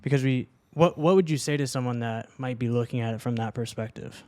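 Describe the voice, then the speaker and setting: A man interviewing a guest, asking a thoughtful question in a measured way and sometimes searching for words. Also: medium pitch, darkish tone, no room sound.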